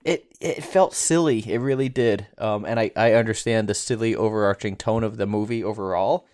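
A man guesting on a casual podcast, with a lowish voice and wry, hesitant asides. He is recorded dry and close, with no room around him. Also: a little fast, a little mellow, no room sound.

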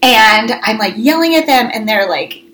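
Lively higher-pitched woman telling stories. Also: normal speed, a little hiss or hum, poor audio. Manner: animated storyteller, acts out her own yelling. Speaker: co-host. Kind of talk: casual chat.

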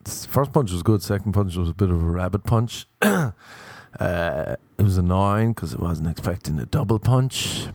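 A young Irish man telling a rambling, crude anecdote in a deadpan storytelling monologue. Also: low voice, moderate pace, dry recording. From Ireland.

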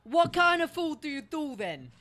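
A woman's voice: high-pitched, sing-song, takes it slowly, vocal fry, heavily acted. A woman putting on a brash New York lawyer with a clumsy, blunt manner. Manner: loud, blunt, clumsy put-on accent.

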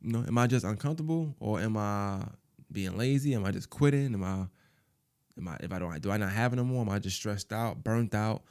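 A man in his thirties talking through his thoughts in a personal monologue, soft-spoken and halting, often repeating words and filling with "you know". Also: lowish voice, clean tone.

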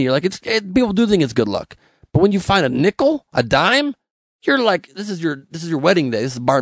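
A man, a comedian, riffing through news stories with wry jokes and sudden excited jumps in pitch. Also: creaky, no echo, studio quality. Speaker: comedian hosting a news roundup.

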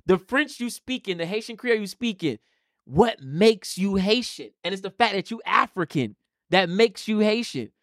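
High-voiced man, emphatic and preachy. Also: lively intonation, normal speed, fairly bright tone, no room sound, clean studio sound. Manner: emphatic, preachy, repeats key phrases. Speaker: podcast co-host. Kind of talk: casual podcast discussion.

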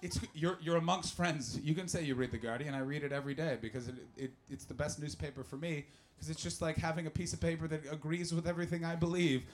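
A man doing stand-up comedy and chatting with the crowd. His delivery is animated and full of swearing, and he swings between shouting and muttering. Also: a little high, quick pace, hardly any pauses. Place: live comedy venue with audience.

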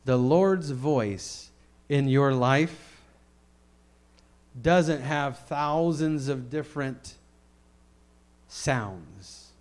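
A middle-aged man preaching a sermon in a conversational, animated way, swinging between loud declarations and quiet asides. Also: medium pitch, extremely slow, pauses often.

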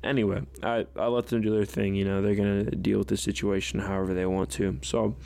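Rambling young man with a gravelly voice. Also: on the low side, flat delivery, a little fast, dark tone. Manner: rambling, many fillers like "you know" and "like". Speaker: podcast host. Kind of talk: casual storytelling.

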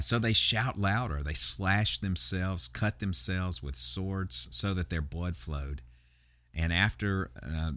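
Low-voiced man preaching a sermon. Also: bright, forceful tone, no room sound. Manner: conversational, with frequent fillers and restarts. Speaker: pastor. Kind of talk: sermon retelling a Bible story.

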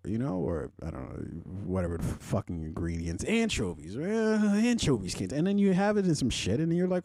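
A man hosting a podcast in casual solo commentary. He rambles and swears, uses a lot of fillers, and his pitch jumps high when he gets worked up. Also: big pitch swings, fairly quick, dark tone, no echo, clean studio sound. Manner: rambling, profane, heavy on fillers. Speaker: podcast host.

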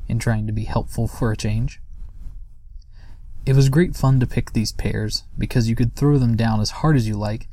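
A man narrating a children's storybook aloud in a steady, gentle manner. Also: mid-range voice, moderate pace, no echo.

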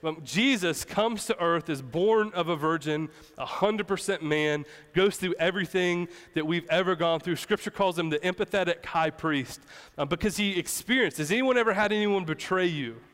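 A man's voice: sits high, moderate pace, fairly bright tone, in a large hall. A man preaching a sermon as pastor, in a casual, conversational way with playful asides.

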